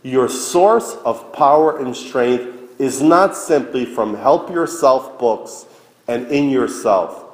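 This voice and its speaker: Priest giving a sermon, slow and earnest, lots of pauses, big echoey church sound. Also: male voice, mid-range voice, expressive.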